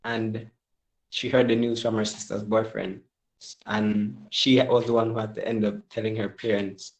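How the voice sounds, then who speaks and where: Relaxed man sharing at Bible study. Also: fairly low pitch, moderate pace, poor audio. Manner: relaxed, conversational with slang. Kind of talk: casual sharing.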